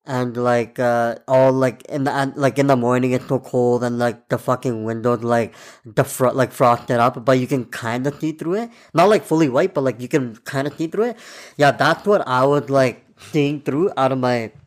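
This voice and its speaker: Guy in his 20s, rambling podcast story, swears a lot, mid-pitched voice. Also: normal speed. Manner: loose, profane and rambling, full of fillers. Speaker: podcast host. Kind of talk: casual storytelling monologue.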